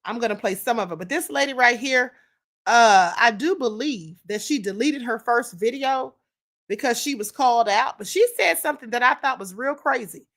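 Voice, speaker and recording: A woman's voice: a little high, animated, normal speed, a bit bright. Opinionated woman hosting a live stream. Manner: opinionated, conversational, reads viewer comments aloud. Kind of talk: casual commentary on clips and chat.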